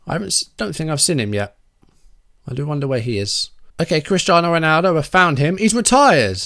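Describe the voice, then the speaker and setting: A man's voice: a little high, expressive, brisk, vocal fry, bright, forceful tone. Chatty man reviewing a game. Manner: chatty, musing aloud, easily surprised. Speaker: gaming YouTuber. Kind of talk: casual game commentary.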